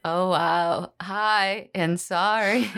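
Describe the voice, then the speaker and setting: A woman's voice: on the low side, fairly even intonation, extremely slow, fairly bright tone. A woman co-hosting a comedy podcast, bantering playfully with laughing asides. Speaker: podcast co-host.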